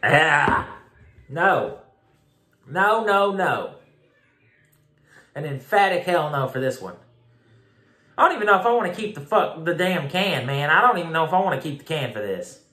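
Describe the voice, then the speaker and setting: A man's voice: a little high, very animated, fast talker, sharp tone. Blunt, emphatic man in an echoey room. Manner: blunt and emphatic, repeats himself, swears casually. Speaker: beer reviewer. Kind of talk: casual video review.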